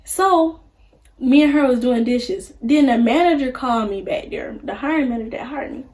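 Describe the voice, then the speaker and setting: A woman's voice: high voice, moderate pace, darkish tone. A young woman telling a story on her vlog in a casual, chatty way, acting out the people she quotes. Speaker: vlogger.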